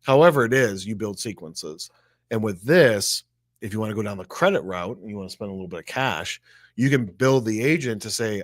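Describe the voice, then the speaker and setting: Chatty man with a low voice, dry sound. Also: expressive, a little fast, no room sound. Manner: chatty, thinks aloud, asks rhetorical "right?". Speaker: co-host. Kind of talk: casual tech discussion.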